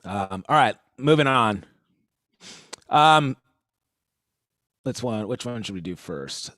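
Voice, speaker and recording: A man with a bright, forceful voice runs a livestream drum lesson in an easygoing way. He talks through patterns step by step and calls out count-ins. His pitch sits in the middle for a man. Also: expressive, slow, dry recording. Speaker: drum instructor.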